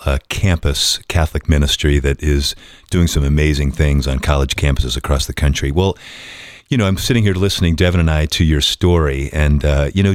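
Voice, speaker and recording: A male host speaks reflectively, drawing lessons from his guest's story for the listeners. His voice is exceptionally deep. The recording is dry and close to the mic. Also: no echo. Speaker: podcast host. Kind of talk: hosting a conversation.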